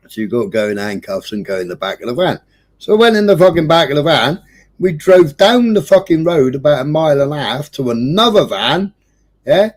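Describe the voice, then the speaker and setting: A man's voice: fairly high pitch, brisk. A man from England hosting a livestream, telling a long story in casual chat, swearing constantly and acting out the voices of people in it. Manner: sweary, lively, acts out quoted voices. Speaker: livestream host.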